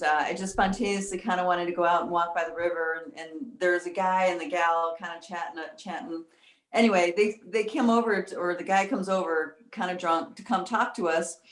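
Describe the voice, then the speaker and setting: Chatty woman telling a story, roomy echo. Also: on the low side. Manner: chatty, rambling storyteller with many fillers. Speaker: panelist. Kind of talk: casual storytelling in a roundtable. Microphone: video call.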